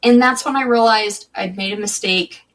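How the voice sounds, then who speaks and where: A woman speaks as a guest on a podcast interview, recounting her own story in a candid, conversational way. She often restarts mid-sentence, and her middle-pitched voice sounds a little distant from the microphone. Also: normal speed, a bit bright.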